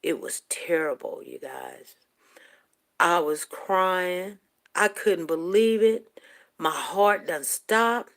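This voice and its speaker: Older woman, low and gravelly, rambling emotional storyteller. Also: slow. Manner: rambling, emotional retelling, rising to near shouting at tense moments. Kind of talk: casual personal storytelling.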